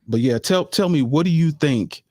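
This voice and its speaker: A man's voice: on the high side, animated, normal speed, a little mellow, no room sound. Laid-back male podcast host, dry sound. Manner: laid-back, repeats phrases, addresses listeners as y'all. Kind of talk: casual sports chat, live stream.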